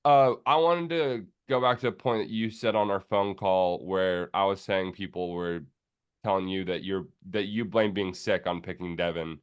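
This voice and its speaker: A man's voice: low voice, steady tone, normal speed, smooth, lo-fi sound. A man co-hosting a casual boxing talk show in a laid-back way. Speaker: producer and co-host. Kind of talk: casual chat.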